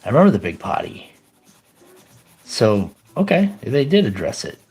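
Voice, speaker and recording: A man's voice: medium pitch, very animated, normal speed, darkish tone, slightly rough. A man casually chatting on his live stream, rambling upbeat as he reads out chat.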